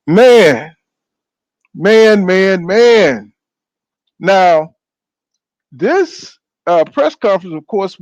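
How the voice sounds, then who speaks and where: A man hosting a casual live boxing stream, energetically reeling off shout-outs to his viewers. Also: a little high, no room sound, dull audio. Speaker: boxing channel host.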